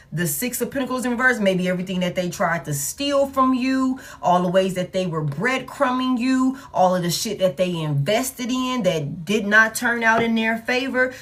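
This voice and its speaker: Blunt, profane woman reading tarot. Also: a little high. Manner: blunt and profane, with emphatic repetition. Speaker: tarot reader. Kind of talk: casual tarot reading monologue.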